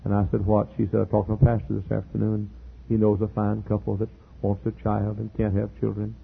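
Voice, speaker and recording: A middle-aged male pastor telling a story in a sermon, earnest, repeating words and building to loud emphatic peaks. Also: on the low side, completely flat delivery, a little fast, gravelly, husky. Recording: tinny lo-fi sermon tape.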